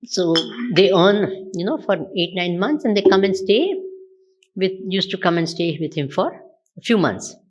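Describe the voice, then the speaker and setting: A woman's voice: on the low side, expressive, normal speed, a little mellow, dull audio. A woman with an Indian English accent giving a Vedanta discourse, repeatedly putting questions to her listeners. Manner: asks the audience repeated rhetorical questions. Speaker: spiritual teacher.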